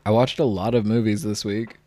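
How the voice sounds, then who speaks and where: A man's voice: on the low side, level tone, brisk, dark tone, dry recording. A man from the United States co-hosting a podcast, chatting casually with dry, laid-back banter. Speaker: podcast co-host. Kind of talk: casual chat.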